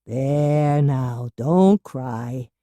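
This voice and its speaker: A woman voicing a calm, kind young male investigator who speaks in a soothing, steady way. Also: extremely low pitch, drawn-out words, dry recording, pitched below the performer's own voice, full character voice.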